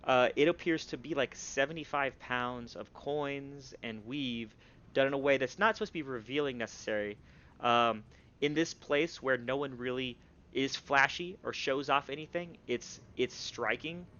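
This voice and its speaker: A man narrating as game master for a tabletop game, talking in a halting way with many fillers. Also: medium pitch, fairly bright tone, highs cut off.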